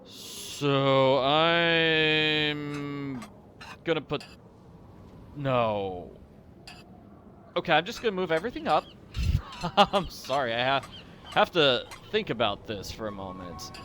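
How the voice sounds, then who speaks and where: A man chatting through a mystery game in a goofy, self-deprecating way. His voice is bright and animated, with a faint hiss of noise underneath. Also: mid-range voice, a little slow, pauses often. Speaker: let's-play host. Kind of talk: casual gameplay commentary.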